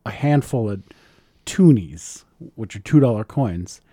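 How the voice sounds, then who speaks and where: A man's voice: lowish voice, a little slow, slightly rough, no room sound, clean studio sound. A man chatting casually as a co-host, telling stories in a joking, profane way. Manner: lively, joking storytelling with swearing and laughs. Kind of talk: casual chat.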